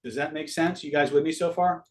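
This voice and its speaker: Brief: middle-aged male coach with a slightly high voice, loose and profane, checks in with his class. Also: fairly even intonation, fairly quick. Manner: casual, swears freely, quizzes the audience. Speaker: online seminar teacher. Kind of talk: live online master class.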